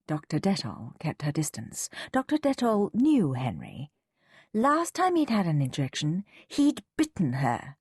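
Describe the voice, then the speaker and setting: A woman narrating a children's storybook in an expressive, drawn-out storytelling manner. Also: sits low, slightly rough, no echo, studio quality. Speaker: audiobook narrator.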